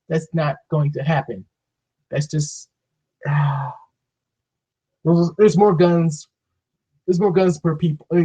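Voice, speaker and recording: A man's voice: on the high side, dark tone, slightly rough. A man vlogging a profane, sarcastic, exasperated rant to camera. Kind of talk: ranting monologue. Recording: dull lo-fi recording.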